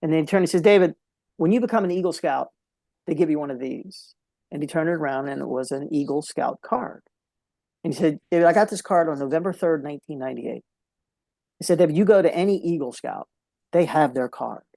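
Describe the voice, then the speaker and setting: A man's voice: fairly high pitch, brisk, creaky, warm tone, dry recording. A man speaking as a podcast guest, telling a heartfelt story in an earnest way and repeating key phrases for emphasis.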